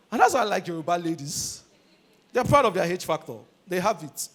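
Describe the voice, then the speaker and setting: High-voiced Nigerian male comedian. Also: a little fast, husky. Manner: animated, shouty, acts out characters. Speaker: stand-up comedian. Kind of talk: stand-up comedy set. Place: stage before a live audience.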